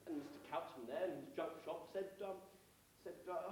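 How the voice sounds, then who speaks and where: A man's voice: sits high, very animated, fairly quick, a little hiss or hum. A man from England compering an amateur variety show, telling a comic story in mock-pompous stage patter. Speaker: compere telling jokes and singing. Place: amateur theatre stage, live audience. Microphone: far room recording. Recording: echoey distant hall recording.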